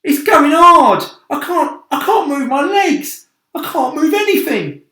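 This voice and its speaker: A man voicing a panicking, whiny male centipede who wails and shouts his complaints. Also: extremely high pitch, very animated, measured pace, roomy sound, distant mic, voice pushed up, heavily acted. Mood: panicked wailing.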